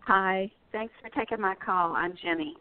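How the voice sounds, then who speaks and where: A woman's voice: medium pitch, normal speed. A woman calling a radio show, emotional and earnest, explaining things in detail. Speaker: caller. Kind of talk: phone call to a radio show. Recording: dry tinny phone line.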